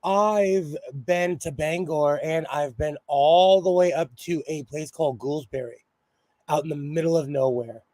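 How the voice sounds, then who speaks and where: A middle-aged man from Pennsylvania chats through a sewing livestream, greeting viewers by name and laughing easily. His voice sits a little high for a man and comes through slightly hoarse, as if he is feeling under the weather. The sound is dry and close. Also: measured pace, a little mellow, dry recording. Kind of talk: casual live-chat while sewing.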